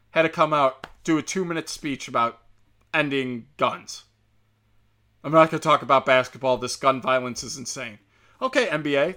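Sharp in tone and fairly high in pitch, this man's voice carries an angry rant. Full of profanity and sarcasm, it's aimed squarely at his audience, whom he ridicules and berates.

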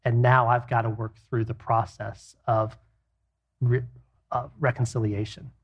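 A man's voice: medium pitch, little pitch movement, measured pace, slightly rough, muffled recording. A middle-aged man co-hosting a faith-based marriage talk, earnest and plainspoken, telling stories to make his point. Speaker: co-host.

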